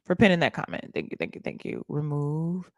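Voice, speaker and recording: A woman hosting a casual livestream, talking to her viewers in a loud, playful, hyped way and swearing freely. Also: deep voice, big pitch swings, brisk, no echo, studio quality. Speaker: livestream host.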